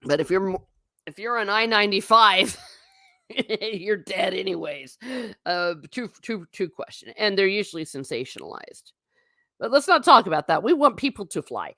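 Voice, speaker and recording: A woman's voice: medium pitch, lively intonation, normal speed, pushed and bright, no room sound. A woman hosting a casual live stream, chatting irreverently with her viewers, laughing often and swearing mildly. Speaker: vlogger reading live chat.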